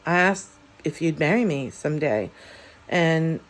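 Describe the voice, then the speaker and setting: A woman's voice: low-pitched, lively intonation, measured pace. A woman voicing a pleading young man, her fiancé, who talks insistently and repeats himself.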